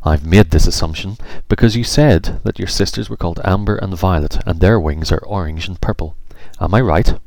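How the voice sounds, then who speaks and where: A man voicing a quiet, know-it-all boy in a storybook, with a raised, pedantic delivery. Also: low-pitched, fairly quick, creaky, few pauses.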